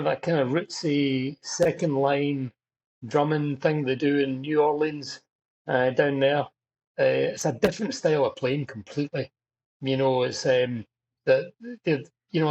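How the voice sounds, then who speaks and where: A middle-aged Scottish drummer, chatting as a guest in a casual interview, rambling through stories with self-deprecating humor. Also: male voice, on the high side, a little mellow, breathy edge, low-quality recording. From Scotland.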